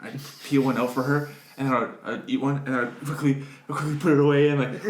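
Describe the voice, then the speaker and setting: A young man in casual podcast chat, spinning animated stories that leap upward when he laughs. His voice sits at an ordinary pitch. The room around him is echoey. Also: fast, a little hiss or hum. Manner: animated storyteller, jumps high when laughing. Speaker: podcast co-host.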